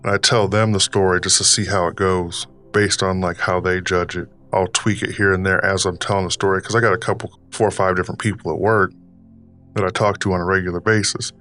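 A man's voice: deep voice, level tone, brisk, a bit bright, faint music behind. A man putting on a drawling Southern accent as a folksy old grandpa character, rambling casually with lots of fillers. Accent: put-on Southern US. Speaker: podcast host.

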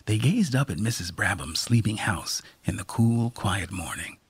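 A storyteller reading a story aloud, unhurried and expressive. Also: medium pitch, slightly rough, dry recording. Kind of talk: storybook narration.

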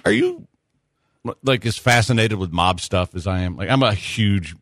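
A man hosting a sports radio show, chatting casually and telling stories with quick asides. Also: fairly low pitch, no echo, studio quality. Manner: animated storyteller, quick asides.

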